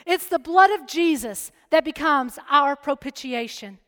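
Lady preaching a sermon, really high voice, big hall echo, tells a story then gets loud and emphatic. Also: expressive, unhurried. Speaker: speaker at a church or chapel.

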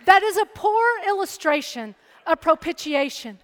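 A woman delivers a sermon with a very high voice. She shifts from a relaxed personal story into loud, emphatic preaching. Her words ring out with a long hall reverb. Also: normal speed, a faint crowd. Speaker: speaker at a church or chapel.

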